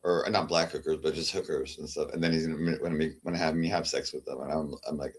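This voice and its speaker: Streamer, male, deep voice, halting rambling chat that trails off into murmurs. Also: flat delivery. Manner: halting, repeats words, trails off. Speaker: livestreamer. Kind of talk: rambling casual livestream chat.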